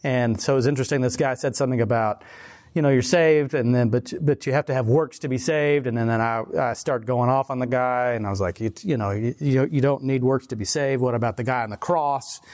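A man's voice: mid-range voice, steady tone, a little fast, a little mellow. A man preaching in a casual, conversational sermon style, telling stories with many restarts and laughing at himself. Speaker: pastor.

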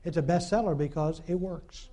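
A man's voice: a little high, moderate pace, warm tone. A man preaching a conversational sermon in a folksy, repetitive way, full of fillers and call-and-response asides.

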